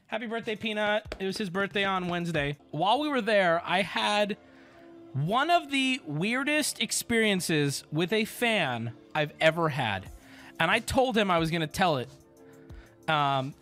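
A man in his thirties telling a rambling story as a streamer in casual chat, animated and profane. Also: high voice. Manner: rambling, animated, swears, acts out quotes.

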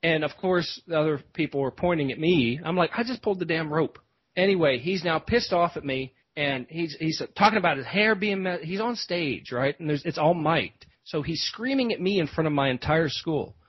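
A podcast host tells a rambling, casual story full of fillers and restarts. His voice is a little high and expressive, with a breathy edge, normal speed and few pauses. The lo-fi podcast audio sounds dull but carries no echo.

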